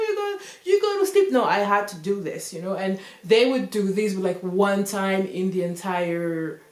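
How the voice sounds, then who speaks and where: A woman in her thirties rambles through a personal storytime, leaning on "like" and "you know" between thoughts. Her voice sits at an ordinary middle pitch. The room around her is echoey and roomy. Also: a little mellow. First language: French. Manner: chatty, rambling, heavy use of "like" and "you know". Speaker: vlogger. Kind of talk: casual storytime monologue.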